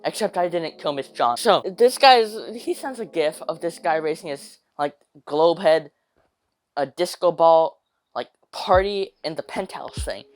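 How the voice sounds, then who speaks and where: A young man telling a rambling, slangy storytime rant, hopping into quick voices for quotes. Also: a little high, animated, no echo.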